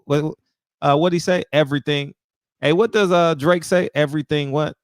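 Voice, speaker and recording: Animated joking man, dry close sound. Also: a little high, moderate pace, clear, resonant tone, no echo. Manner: animated, joking, frequent affirming murmurs. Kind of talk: casual chat.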